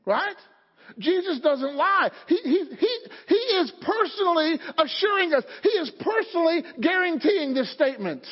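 A pastor with an extremely high, sing-song voice preaches at a normal pace in a church sanctuary, leading his congregation in call-and-response as he builds to fervent emphasis. The sound is dull, with a long hall reverb.

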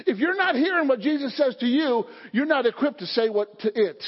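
Male pastor, very high pitch, call-and-response sermon, dull lo-fi sound with lingering church echo. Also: lively intonation, brisk. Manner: call-and-response preaching, rising to fervent emphasis. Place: church sanctuary. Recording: dull sound, long hall reverb.

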